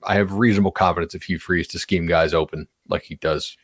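A man's voice: deep voice, fairly even intonation, quick pace, no echo, studio quality. A man co-hosting a sports podcast, talking in a loose, rambling way with restarts. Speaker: podcast co-host. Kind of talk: casual sports chat.

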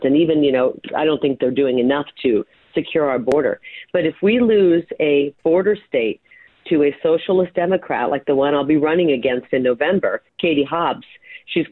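A woman's voice: low voice, dry recording. A woman guest talking as a political candidate, blunt and emphatic, with some fillers. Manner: forceful, emphatic, scattered fillers. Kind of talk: blunt campaign talk. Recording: tinny dry phone line.

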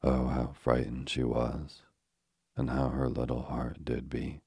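A man reading a storybook aloud in a measured, old-fashioned way. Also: extremely low pitch, level tone, gravelly, a little mellow, slightly rough, no room sound, studio quality. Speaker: narrator.

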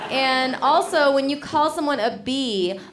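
A woman from Illinois performing a sardonic stand-up set with quick punchlines. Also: high-pitched, expressive. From Illinois, USA. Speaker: stand-up comedian. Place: comedy club stage with live audience. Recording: live club recording with crowd laughter and noise.

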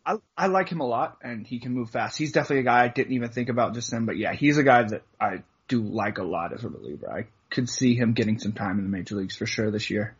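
A man co-hosts a casual sports podcast in an easygoing tone and leans on "I mean". His voice is husky and mid-pitched. The audio is muffled and lo-fi. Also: fast talker, hardly any pauses. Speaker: podcast co-host.

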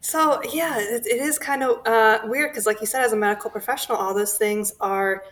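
A woman dietitian speaking as a guest in a clip, explaining things in a measured way with occasional fillers. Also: fairly high pitch, fairly bright tone.

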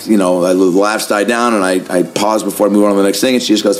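A man hosting a podcast, talking in a casual, energetic monologue full of swearing and fillers. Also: lowish voice, quick pace. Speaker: podcast host.

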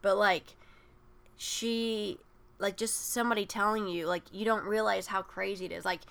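A woman's voice: medium pitch, steady tone, normal speed, vocal fry, fairly bright tone. A woman co-hosting a podcast, telling a personal story in a rambling way with many fillers. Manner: rambling, many "like" fillers, acts out quoted voices. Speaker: podcast co-host. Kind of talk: personal storytelling in casual chat.

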